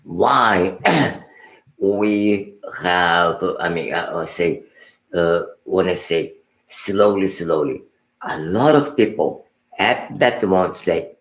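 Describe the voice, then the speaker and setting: A man giving a meditation teaching as a Buddhist teacher, unhurried and halting, repeating words and restarting phrases, often dropping to a soft murmur. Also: deep voice, reverberant, low-quality recording.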